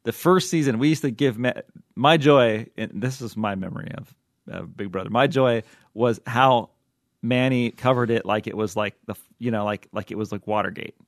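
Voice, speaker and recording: A man's voice: mid-range voice, normal speed, dry recording, studio quality. A man hosting a podcast in casual chat, rambling and joking with many restarts. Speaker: podcast host.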